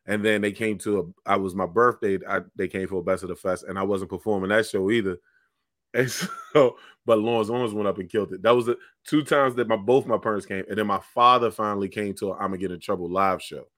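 A man who is a stand-up comedian, telling stories in casual podcast chat, animated and swearing freely, often breaking into laughter. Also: on the low side, fast, no room sound, clean studio sound.

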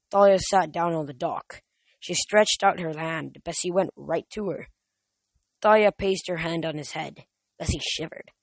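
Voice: medium pitch, a little slow, no room sound. An audiobook reader narrating a first-person novel in a plain reading with small slips.

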